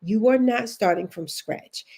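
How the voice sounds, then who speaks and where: A woman's voice: mid-range voice, unhurried, darkish tone, slightly rough. A woman with a Baltimore accent giving a chatty, encouraging live-stream coaching talk to her viewers. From Baltimore, United States. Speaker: leadership career coach.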